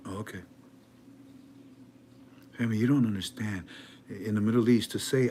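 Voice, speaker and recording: A man giving an animated commentary monologue in a dramatic, emphatic way, with many stammering restarts. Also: lowish voice, moderate pace, long pauses, a little hiss or hum. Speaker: online currency commentator.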